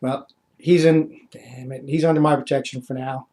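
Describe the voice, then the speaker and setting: A man's voice: medium pitch, steady tone, moderate pace, warm tone. A man playing his character in a tabletop game, joking and laughing easily. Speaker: player.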